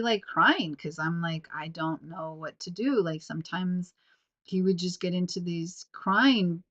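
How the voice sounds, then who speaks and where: A woman in her thirties sits alone and records her podcast herself. Her voice sits a little low. She rambles through fillers and restarts, and her nose is slightly sniffly. The sound is dull and lo-fi, like a home recording. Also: fairly bright tone. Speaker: podcast host. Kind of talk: casual reflective monologue. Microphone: self-recorded on camera.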